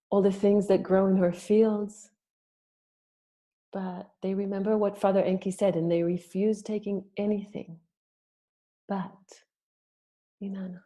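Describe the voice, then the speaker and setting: A woman telling a myth in a gentle, reflective storytelling talk to her group. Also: medium pitch. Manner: gentle, reflective, slow-paced. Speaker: birth story practitioner.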